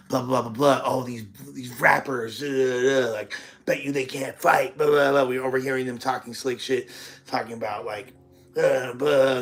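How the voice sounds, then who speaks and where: A man in his thirties hosting a podcast, telling a tour story in casual, profane talk and acting out the quotes. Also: medium pitch. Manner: profane, animated, acts out quotes.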